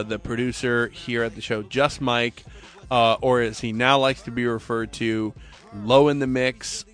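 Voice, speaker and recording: A man hosting a casual podcast, joking and swearing with his co-host. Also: mid-range voice. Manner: animated, joking, profane. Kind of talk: casual chat.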